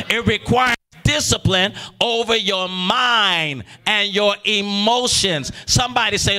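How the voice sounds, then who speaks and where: A man preaching a sermon as pastor in a church, calling on the congregation to answer back and rising into shouts. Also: sits high, slow pace, hardly any pauses. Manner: preaching with call-and-response, bursts into shouting. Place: church sanctuary.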